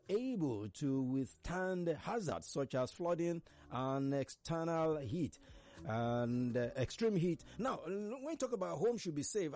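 A man's voice: a little high, darkish tone. A Nigerian man hosting a casual current-affairs talk show, chatty, laughing as he tells stories. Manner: chatty, laughs while telling stories, mimics others.

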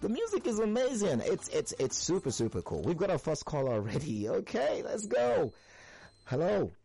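Hyped young radio host. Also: male voice, fairly high pitch, normal speed, creaky, slightly rough, dry recording, soft background music. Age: young adult. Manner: energetic, hyped, slangy. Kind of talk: lively radio call-in show.

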